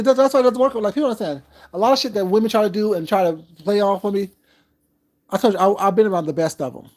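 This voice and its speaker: A man chats with his livestream viewers in a sassy, drawling style, calling them baby. His delivery is loose, casual, and unhurried. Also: high voice. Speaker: livestream commentator.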